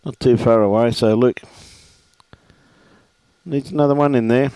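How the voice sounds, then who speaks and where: A man's voice: medium pitch, steady tone, measured pace, dark tone, clear, resonant tone, dry recording. Laid-back Australian male bowls commentator. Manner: laid-back, chatty, greets viewers by name. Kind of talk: live sports commentary with viewer shout-outs.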